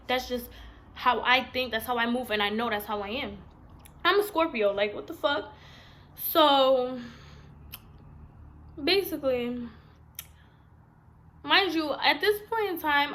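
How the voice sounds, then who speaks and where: A woman's voice: on the high side, fairly bright tone. Blunt, profane young woman vlogger. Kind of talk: casual storytime vlog.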